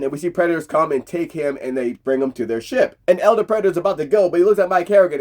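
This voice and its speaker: A man giving a casual movie review vlog, retelling the plot in an animated, slangy, profane way. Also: a little high, quick pace, few pauses. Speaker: movie commentator.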